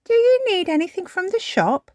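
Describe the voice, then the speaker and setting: A woman's voice: extremely high pitch, big pitch swings, moderate pace, darkish tone, no room sound, clean studio sound, pitched above the performer's own voice. A woman doing a kindly granny pig. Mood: bright. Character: kindly old grandmother pig.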